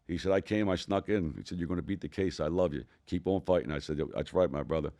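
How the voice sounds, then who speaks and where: A man's voice: deep voice, quick pace. An older man with a Philadelphia accent, telling rambling, profane stories as a podcast co-host. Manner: profane, rambling, animated storytelling. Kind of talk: casual storytelling.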